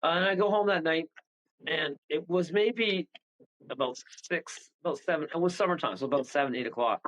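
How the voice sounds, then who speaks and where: A man telling a story as a guest medium on a radio talk show, animated and rambling, acting out the voices of the people in it. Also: fairly high pitch, brisk, highs cut off. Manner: animated, rambling, acts out voices, chuckles often.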